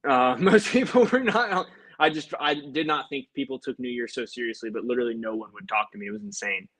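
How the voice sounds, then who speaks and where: A man's voice: mid-range voice, a little fast, a bit bright, poor audio. A young man, an insurance sales agent, chatting casually with a livestream audience between phone calls to prospects. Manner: chatty, upbeat, talks to viewers and then dials prospects.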